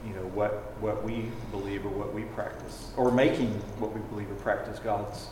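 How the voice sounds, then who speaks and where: A man's voice: on the low side, fairly even intonation, normal speed. A man in a Bible class giving a thoughtful answer to the teacher, restarting phrases as he works it out. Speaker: class member. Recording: echoey hall, off-mic, noisy.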